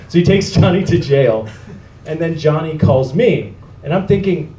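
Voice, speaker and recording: A man hosts a live storytelling night and tells a story on stage himself, laughing often along the way. His voice is a little high and mellow, at a normal speed, and the recording captures an echoey room at a noisy live venue.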